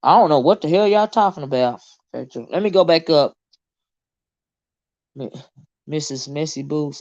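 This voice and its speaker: A woman's voice: sits low, animated, normal speed, a little mellow, dry recording, lo-fi sound. A woman hosting a casual livestream and reading her chat, blunt and swearing freely, with a habit of repeating herself.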